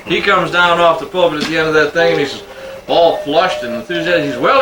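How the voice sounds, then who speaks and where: Brief: older seaman, folksy yarn-spinner, slightly high voice, echoey room with loud music. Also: lively intonation, a little fast, far from the mic. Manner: folksy joke-teller, repeats "he says". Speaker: seafarer telling stories. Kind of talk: casual storytelling among friends.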